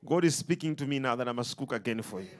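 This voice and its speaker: A man's voice: medium pitch, expressive, fast talker. A man preaching a sermon, emphatic and rhythmic, throwing questions out to his congregation.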